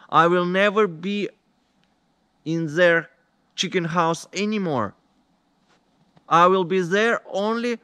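Man, indignant vlog rant, unhurried delivery, fairly high voice. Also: a bit bright, no room sound. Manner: indignant, deliberate storytelling. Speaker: vlogger. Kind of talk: complaining vlog monologue.

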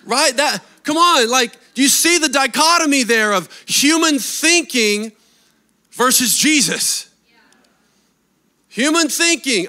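A man preaching a sermon in an animated way, firing off rhetorical questions to the congregation. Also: very high voice, takes it slowly. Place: church service.

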